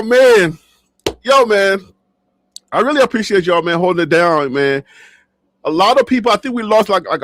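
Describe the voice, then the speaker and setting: A man with a strikingly high speaking voice talks straight to his viewers in a casual, animated rant. He jokes, laughs often and circles back on his words. The sound is dry and close, with no room echo. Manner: animated, joking, laughs often, repeats himself. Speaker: sports channel vlogger. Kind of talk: casual talk to camera. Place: his own studio.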